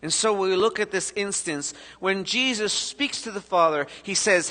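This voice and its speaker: A man preaching a sermon as pastor, telling the story with sudden shifts between loud and soft. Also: high voice, normal speed. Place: church sanctuary. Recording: echoey church hall.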